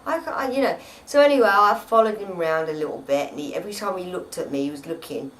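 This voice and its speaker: A woman's voice: on the low side, expressive, fast talker, fairly bright tone, distant mic, rough recording. An actress chatting at home in an interview, rambling and often repeating her words. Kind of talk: casual interview chat. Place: at home, indoors.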